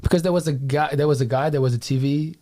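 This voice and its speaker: Brazilian-accented male guest, animated rambler, slightly high voice. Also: fast. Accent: Brazilian Portuguese. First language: Portuguese. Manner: animated, rambling, restarts words. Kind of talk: casual chat.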